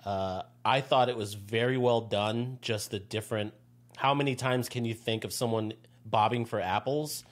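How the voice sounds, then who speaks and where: Relaxed podcast guy with fillers. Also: lowish voice, normal speed. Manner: relaxed, hesitant with fillers, swears when excited. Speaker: podcast co-host. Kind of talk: casual chat.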